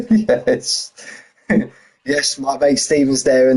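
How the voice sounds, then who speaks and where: A middle-aged British man with a husky voice, chatting casually on a sim racing stream and bantering with viewers. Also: mid-range voice, moderate pace, darkish tone, poor audio. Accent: British English. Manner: chatty, banters with chat, drops h's and says "mate". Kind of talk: casual live-stream chat.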